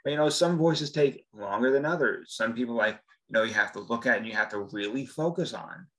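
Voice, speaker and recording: A man who works as a voice actor talks as a podcast guest. His voice is an ordinary middle pitch, and he explains his approach earnestly, pausing to think his points through. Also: fairly bright tone, rough recording. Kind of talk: casual interview chat.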